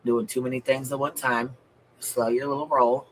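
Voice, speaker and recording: A man's voice: mid-range voice, level tone, moderate pace, a bit bright, a little hiss or hum, low-quality recording. A man giving blunt, profane livestream commentary, reading out viewer comments and repeating his points for emphasis.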